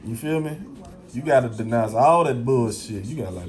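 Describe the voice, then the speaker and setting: A man's voice: mid-range voice, normal speed, darkish tone. A man talking casually to his audience, slangy and emphatic, swearing freely and repeating phrases for emphasis. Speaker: vlogger. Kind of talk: casual monologue to camera.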